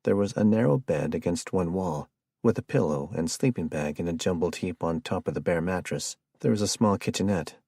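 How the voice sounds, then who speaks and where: Male audiobook narrator, measured read, very low and gravelly, dry recording. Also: mellow, no room sound. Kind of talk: scripted narration.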